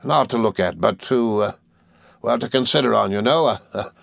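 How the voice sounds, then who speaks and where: A man's voice: normal speed, gravelly, fairly bright tone, no echo. A man doing a hearty old fisherman. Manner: broad rustic dialect, booming laughs. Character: hearty old male fisherman, warm and jovial.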